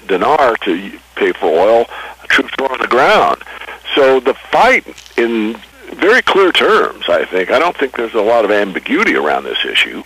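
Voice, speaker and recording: A man's voice: mid-range voice, a bit bright, breathy edge, poor audio. A man, a precious metals newsletter writer, speaking earnestly and emphatically in a radio interview. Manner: earnest, emphatic about markets and geopolitics.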